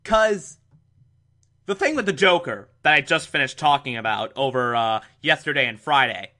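In a casual monologue recapping an old TV episode, a man comes across as sarcastic and exasperated, leaping in pitch to stress points. He's expressive, speaking at a moderate pace with a bright, forceful tone.

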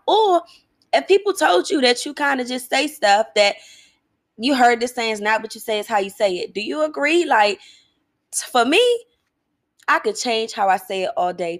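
An adult woman, getting on in years, hosts a podcast as a casual monologue, speaking bluntly and emphatically, swearing freely as she shares her views and questions listeners. Her voice is mid-range, captured in a dry, clean studio recording.

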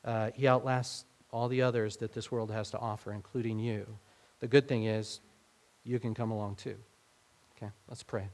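A man's voice: lowish voice, little pitch movement, moderate pace, darkish tone. Conversational man preaching a sermon. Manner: conversational, acts out quoted speech with rising emphasis. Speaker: pastor.

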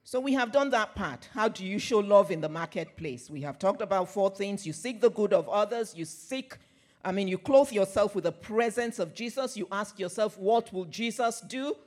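A man delivers a sermon in a fairly high voice. He is earnest, mixing scripture with his own workplace story, and often drops to a near murmur as a phrase ends. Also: lively intonation, moderate pace, a little mellow. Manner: personal storytelling with repeated phrases. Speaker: preacher.

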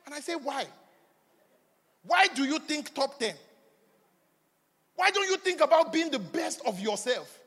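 A man preaching a sermon, swinging between loud declarations and quiet asides. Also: a little slow, long pauses. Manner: animated preaching, swinging from shouts to low asides. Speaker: pastor. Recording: long hall reverb.

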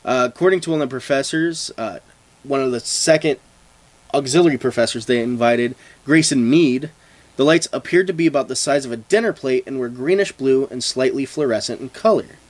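A man's voice: mid-range voice, brisk. A man co-hosting a casual podcast, reading story notes and joking around with imagined dialogue. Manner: jokey, playfully acts out imagined dialogue. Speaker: podcast co-host.

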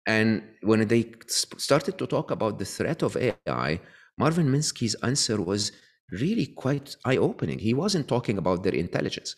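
A man interviewed as a guest author explains his views in a lowish voice with big pitch swings and a moderate pace. He frequently checks in with tag questions like "okay?" and often restarts his sentences.

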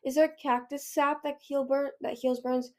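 Woman doing young male dragon, frantic, urgent, quick-thinking, higher voice, storybook. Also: level tone, darkish tone.

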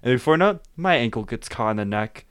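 A young man telling a story in casual podcast chat, laughing often and animated. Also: medium pitch, fast talker, clean tone. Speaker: podcast guest.

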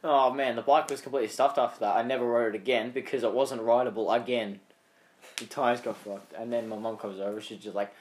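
A man's voice: medium pitch, steady tone, fairly quick, slight background noise. A young Australian man co-hosting a podcast, telling rambling stories in casual chat and acting out other people's voices. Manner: rambling storyteller, acts out voices. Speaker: podcast co-host.

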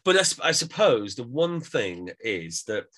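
A man's voice: mid-range voice, very animated, a little slow, a bit bright. A man co-hosting a music podcast, talking in a chatty, wry way and reviewing an album. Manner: chatty, wry, drifts into sung quotes. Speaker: podcast co-host. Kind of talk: casual music review chat.

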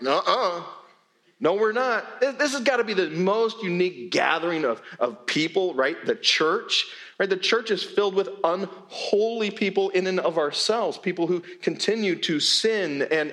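A man's voice: high-pitched, fairly bright tone. A male pastor preaching a sermon in a church, with a conversational, emphatic delivery and frequent repeated words. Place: church sanctuary.

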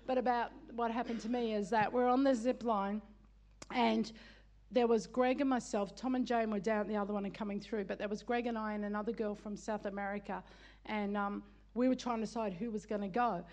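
A middle-aged woman preaching a sermon, telling lively family stories with laughter and building into emphatic calls of "come on". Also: medium pitch, fairly quick.

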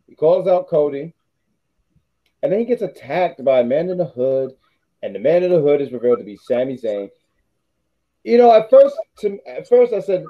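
Male podcast co-host, slightly high voice, casual rambling delivery, dull lo-fi recording. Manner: rambling, self-correcting, laughs often. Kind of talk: casual wrestling chat.

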